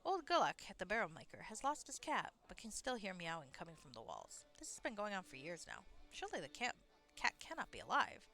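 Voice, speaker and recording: A woman's voice: medium pitch, wildly swooping pitch, fairly quick, pushed and bright, faint music behind, exaggerated voice. Vagar, a woman voicing a whimsical tavern storyteller. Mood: storytelling. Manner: grand, old-fashioned storytelling phrasing.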